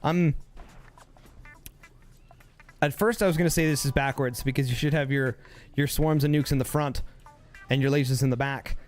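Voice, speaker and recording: A man giving excitable play-by-play commentary on a strategy game, often repeating short calls. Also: medium pitch, normal speed, pauses often, faint music behind. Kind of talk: live gameplay commentary.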